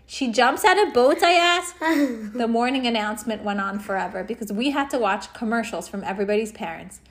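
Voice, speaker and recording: A woman reading a children's chapter book aloud at home, acting out the dialogue with big jumps in her voice. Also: medium pitch. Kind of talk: expressive read-aloud storytelling.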